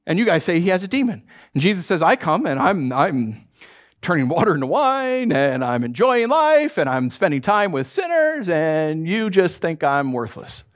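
A male pastor preaching a sermon in a lively, joking way, often putting on voices for quotes. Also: moderate pace. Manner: animated, acts out quotes in high voices, jokes with congregation.

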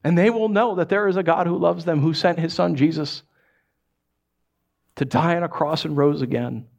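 Animated preacher, man, slightly high voice. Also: normal speed, creaky. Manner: animated, acts out voices of dogs, cats and listeners. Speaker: pastor. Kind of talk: sermon.

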